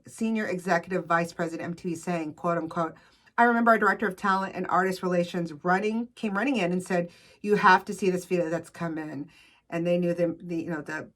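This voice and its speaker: Woman podcast host, lowish voice, chatty, kinda rambly with lots of uhs. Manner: chatty, reads facts aloud with fillers and self-corrections. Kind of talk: casual solo podcast talk.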